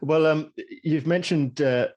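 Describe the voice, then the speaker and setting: A man's voice: on the high side, unhurried, darkish tone, dull audio. Podcast host guy, kinda hesitant, lots of ums, laughs a lot. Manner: hesitant, laughs easily, fills with um and uh. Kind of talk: casual podcast interview.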